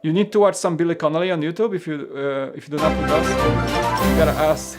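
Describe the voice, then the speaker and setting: A man's voice: fairly high pitch, fairly even intonation, fast talker, loud music behind the voice. A man from Poland, hosting a casual livestream and chatting rambly with viewers. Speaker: host.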